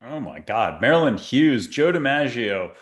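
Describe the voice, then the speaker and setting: A man's voice: mid-range voice, sing-song, unhurried. Man, show host, playful, rambling, guides a meditation. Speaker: podcast host. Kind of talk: casual guided meditation chat.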